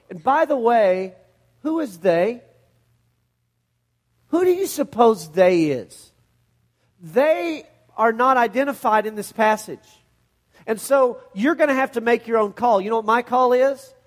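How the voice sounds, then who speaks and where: A middle-aged man preaching a sermon as pastor, telling a Bible story with animated storytelling and acting out the scenes in voices. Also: very high voice.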